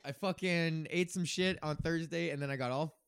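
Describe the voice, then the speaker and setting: A man's voice: on the high side, steady tone, moderate pace, creaky, fairly bright tone, clean tone, dry recording. Rambling, foul-mouthed man in his thirties. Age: 30s. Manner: profane, meandering, laughs often. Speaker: podcast host. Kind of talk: rambling casual monologue.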